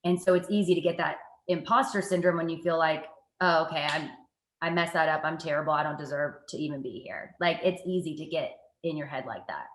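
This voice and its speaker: A woman, a TV reporter, telling stories from her work in a casual interview, lively and self-mocking. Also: low-pitched, a little fast, echoey room. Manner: lively, animated storytelling with self-mocking asides. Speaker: guest, TV reporter and anchor.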